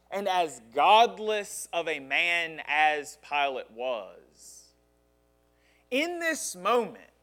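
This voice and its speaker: A man preaching a sermon from the pulpit, with a high-pitched voice. He speaks slowly and tells the story dramatically, stacking up emphatic words. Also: sharp tone. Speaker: pastor.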